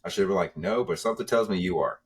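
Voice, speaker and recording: A man's voice: low-pitched, very fast. A young man, a comedian guest on a podcast, telling rambling stories in a laid-back way. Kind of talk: casual podcast chat.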